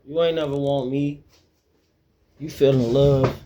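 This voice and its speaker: A man's voice: medium pitch, steady tone, unhurried, dark tone. A man delivering a profane, confrontational monologue that keeps repeating the same challenging question.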